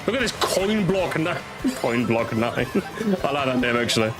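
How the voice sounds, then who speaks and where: A young man with a medium-pitched voice, speaking at a moderate pace, chats casually with viewers as he streams a racing game. He's excitable and profane, repeating himself in bursts over background game music.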